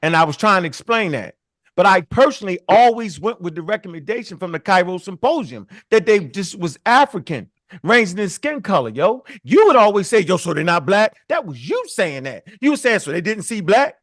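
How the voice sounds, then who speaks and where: A man's voice: sits high, very animated, fairly quick, a bit bright, dry recording, clean studio sound. A man co-hosting a podcast, arguing emphatically in casual chat and ending lines with "yo". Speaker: podcast co-host. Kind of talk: heated casual debate.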